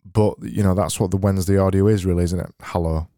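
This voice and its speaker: A man hosting a solo comedy podcast, rambling deadpan and mocking himself, into a boom-arm mic. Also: fast, no room sound, clean studio sound. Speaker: podcast host.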